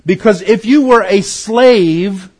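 A middle-aged man teaching a Bible study in an earnest way, slowing down to stress key words. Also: sits high, a little mellow, breathy edge.

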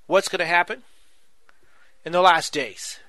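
A man's voice: high-pitched, measured pace, pushed and bright, no room sound. A man preaching a sermon, earnest and repetitive, often addressing the listeners as "my friends".

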